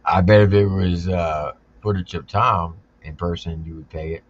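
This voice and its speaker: A man hosting a casual livestream chat, teasing and laughing loudly with his guests. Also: low-pitched, steady tone, moderate pace. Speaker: livestream host. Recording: slightly dull lo-fi sound.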